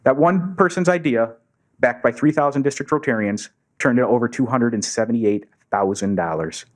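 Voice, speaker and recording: Guy giving a speech to a club, earnest, tells stories and does the voices of the people in them, mid pitch. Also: moderate pace. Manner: earnest, acts out quoted dialogue. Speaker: Rotary district governor giving a speech. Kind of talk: storytelling speech to a club audience. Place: meeting room, before a live audience.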